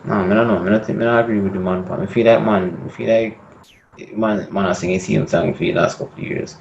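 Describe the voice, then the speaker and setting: A young Jamaican man co-hosting a podcast, speaking in a halting way and repeating words as he thinks. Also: fairly low pitch, steady tone, gravelly, a little hiss or hum. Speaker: podcast co-host. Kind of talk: casual debate chat. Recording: dull lo-fi sound.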